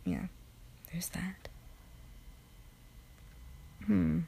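A woman's voice: on the low side, very animated, extremely slow, gravelly, dark tone, husky. A tired woman rambling late at night in a recorded audio answer, drifting into half-whispers, mocking herself and swearing casually. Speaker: amateur audio creator.

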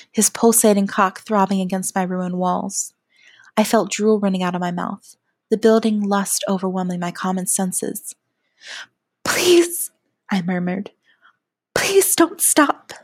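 A woman narrating a first-person adult audio story in a soft, often half-whispered delivery. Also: medium pitch, dry recording, clean studio sound.

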